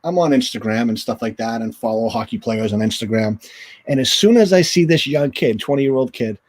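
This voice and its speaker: A man in his forties talks as an interview guest. His voice sits at a middle pitch, and he tells stories in a loose, chatty way, leaning on casual fillers. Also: fairly quick. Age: 40s. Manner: chatty, relaxed, full of "you know" fillers.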